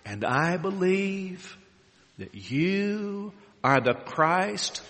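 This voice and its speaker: Martha, an earnest woman, pleads and insists as a man acts her out. Her voice is bright and a bit raised in pitch. A long hall reverb follows each phrase. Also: big pitch swings, drawn-out words, full character voice.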